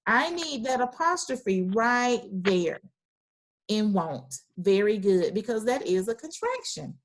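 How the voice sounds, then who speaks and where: Woman teacher on a video call, encouraging and full of praise, pitch swinging widely, unhurried delivery. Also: sing-song. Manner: reads sentences aloud slowly. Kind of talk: online class teaching.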